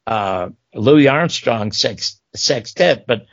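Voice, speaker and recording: An older man spins career anecdotes in a gravelly voice with a wide, lively swing in pitch. He slips into the voices of the people he quotes. The sound is dry and a little dull, like a modest recording setup. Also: slow pace, dry recording. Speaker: talk show host recounting career. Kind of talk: storytelling interview.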